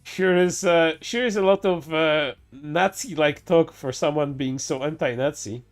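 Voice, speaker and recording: Male streamer, higher-pitched, profane and giggly, with restless stuttering restarts. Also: measured pace, soft background music. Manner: profane, laughs often, stammering restarts. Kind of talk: casual reaction commentary.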